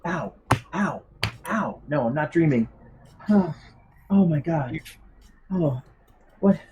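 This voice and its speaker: A man's voice: a little high, lively intonation, slow pace, darkish tone, muffled recording, slight background noise. A man voicing a confused woman just woken from cryosleep, panicky and disbelieving. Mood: panicked.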